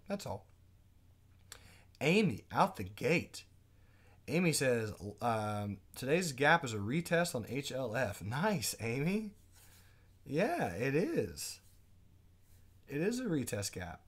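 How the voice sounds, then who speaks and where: A man with a medium-pitched voice teaches a live day trading class, chatting casually. He fires quick questions at his viewers and reads their comments aloud.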